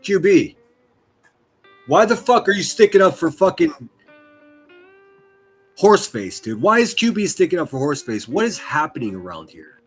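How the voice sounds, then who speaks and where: A man's voice: fairly high pitch, big pitch swings, normal speed, long pauses, a bit bright, slightly rough, faint music behind. A man hosting a stream, ranting crudely and mocking people in exasperated bursts. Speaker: streamer host.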